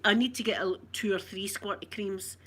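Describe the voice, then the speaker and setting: Speaking at a normal speed with a steady, medium-pitched voice that is a bit bright and husky, a woman from Glasgow chats with her ASMR viewers. She's casual, chatty and playful, with a broad manner and frequent giggles.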